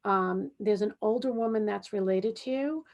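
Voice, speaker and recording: A woman who hosts a podcast as a spiritual medium. She speaks gently and reassuringly, often checking in with "okay?". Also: medium pitch, moderate pace. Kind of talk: podcast interview with psychic reading.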